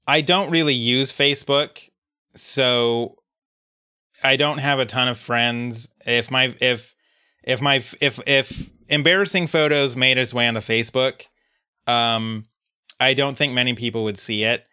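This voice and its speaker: A man's voice: medium pitch, steady tone, a little slow, sharp tone, clear, resonant tone. A man hosting and editing a podcast, chatting casually in a dry, wry way. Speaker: podcast host and editor. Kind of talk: casual chat.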